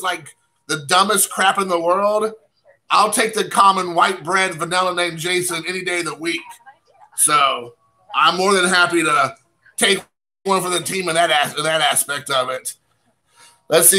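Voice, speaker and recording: Man, middle-aged, from the US, rambling livestream chatter, high voice, very bright tone. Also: rough recording. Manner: rambling, chatty, excitable shout-outs to viewers. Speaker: card-breaking livestream host. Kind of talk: casual livestream chat while opening cards.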